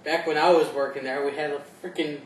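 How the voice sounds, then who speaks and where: A man's voice: on the high side, fairly even intonation, quick pace. A young man co-hosting a casual chat, joking, swearing and laughing often. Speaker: co-host. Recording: echoey room, distant mic, faint noise.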